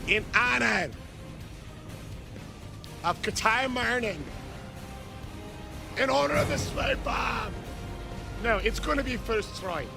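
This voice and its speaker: A man streaming a game live, loudly toasting and thanking his chat with shouted cheers. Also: very high voice, slow pace, gravelly, pauses often, over music. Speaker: gaming streamer.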